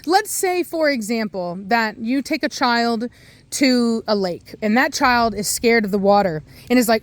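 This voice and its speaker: A woman's voice: on the high side, expressive, a little slow, no room sound. A woman who breeds and trains dogs, ranting bluntly and with exasperation in an opinionated commentary.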